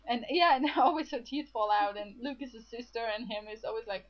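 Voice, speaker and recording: Woman, casual film review chat, excited retelling, higher voice, dull recording. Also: brisk. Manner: chatty, excited retelling with restarts.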